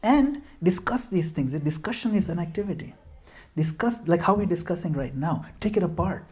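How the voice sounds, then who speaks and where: A man's voice: high-pitched, lively intonation, normal speed, darkish tone. Self-mocking storyteller man giving a devotional talk. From Gujarat, India. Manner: storytelling, laughs at himself, mixes in Hindi and Sanskrit verses. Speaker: speaker at a devotional home program. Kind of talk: informal spiritual talk with stories.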